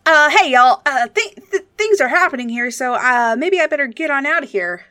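A man's voice: lively intonation, normal speed, soft background music, heavily acted. A woman voicing a jittery, folksy man who stammers and says y'all. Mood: nervous. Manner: stammering, drawled y'all, high and loud.

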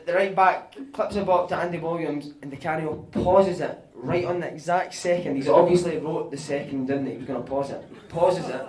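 A Scottish man telling animated, sweary anecdotes on stage at a live podcast show, often laughing as he talks. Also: a little high. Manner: animated, sweary, laughing through his stories. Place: live venue with audience. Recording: echoey room, mic at a distance.

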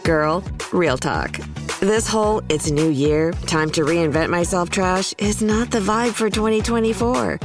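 A woman's voice: medium pitch, moderate pace, hardly any pauses. A woman reading a radio ad in a casual, sassy best-friend way. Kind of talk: chatty radio ad. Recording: music behind.

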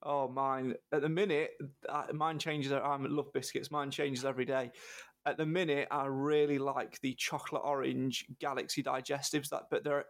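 A man's voice: medium pitch, flat delivery, moderate pace, dry recording. A man, a football fan and podcast guest, telling chatty stories and laughing often. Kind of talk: casual podcast chat.

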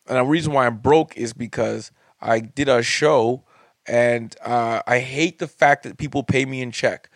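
A man's voice: mid-range voice, fairly bright tone, no room sound, clean studio sound. A man, a comedian hosting his own podcast, telling a story as a profane, heated rant whose voice climbs when he gets worked up. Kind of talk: profane ranting monologue.

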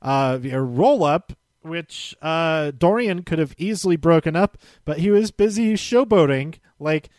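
A man's voice: fairly high pitch, unhurried, a little mellow, no room sound, studio quality. A man giving a casual, rambling spoken recap, often restarting and correcting himself with small chuckles. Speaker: show recap host.

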